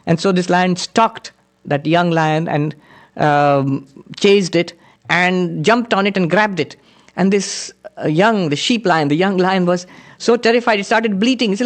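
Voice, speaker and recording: Earnest man giving a spiritual lecture. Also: high-pitched. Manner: earnest storytelling, chants Sanskrit verses. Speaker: spiritual teacher.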